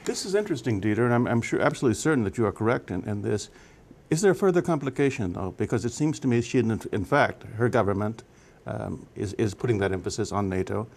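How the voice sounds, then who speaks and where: A man's voice: fairly low pitch, expressive, fast talker, vocal fry, a little mellow. A man hosting a policy interview, asking long questions and often adding short agreeing sounds. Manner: frequent brief backchannel agreement. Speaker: interview host.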